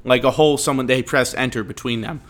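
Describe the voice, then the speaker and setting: A man telling a story in casual chat, animated and rambling, swearing freely. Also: mid-range voice, fast.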